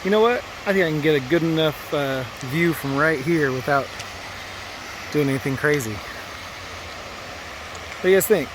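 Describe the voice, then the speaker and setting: A man's voice: fairly high pitch, moderate pace, noisy background. Joking, rambling man vlogging outdoors. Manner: joking, rambling with many fillers. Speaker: trucking vlogger. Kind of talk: casual vlog chat to camera. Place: outdoors in a small mountain town.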